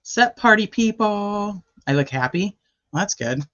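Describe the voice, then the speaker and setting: A woman's voice: medium pitch, lively intonation, a little slow, fairly bright tone. A woman hosting a casual live stream, rambling and greeting chat viewers by name. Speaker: livestream host. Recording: dull lo-fi stream audio.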